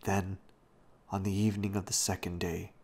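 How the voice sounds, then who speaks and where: A man slowly reading a children's novel aloud as a bedtime story at home, often hushed. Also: low-pitched, level tone. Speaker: reader.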